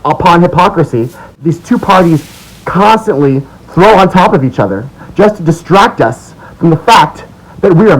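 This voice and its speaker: A young American man rants through a political monologue in a voice that leaps from low, muttered asides to loud, mocking outbursts. His pitch swings widely, and his delivery is angry, sarcastic and full of swearing. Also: low-quality recording. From United States. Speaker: political commentator. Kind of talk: ranting video monologue.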